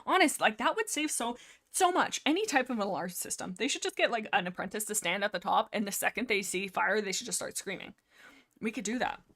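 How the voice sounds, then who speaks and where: A woman's voice: mid-range voice, lively intonation, a little fast, a bit bright. A woman hosting a livestream, rambling casually about a book. She giggles often and cuts herself off mid-thought. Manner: giggly, rambling, self-interrupting. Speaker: livestream host.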